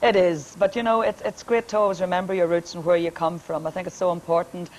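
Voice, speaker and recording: Deep-voiced Northern Irish woman. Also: level tone, fast talker, a little mellow, slight background noise, rough recording. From Northern Ireland. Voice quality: deep, powerful speaking voice. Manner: hearty, laughs often, comic storyteller. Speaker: singer and guest. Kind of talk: joking TV chat.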